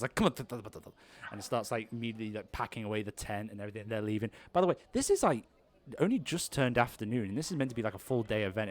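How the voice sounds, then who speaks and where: A man running an improvised tabletop game, narrating in a rambling way full of ums and kind-ofs. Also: on the low side. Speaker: game master.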